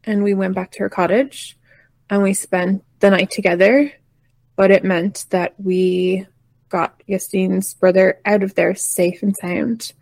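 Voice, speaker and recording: Woman, tabletop player, nervous and apologetic, halting, dry close sound. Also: medium pitch, fairly even intonation, gravelly, a little mellow, no echo. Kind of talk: tabletop role-play.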